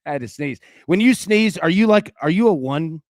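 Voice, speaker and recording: A young man hosting a casual live sports-betting show, chatty and animated, calling people "dude" and "man". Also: fairly high pitch, normal speed, no room sound, studio quality. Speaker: host.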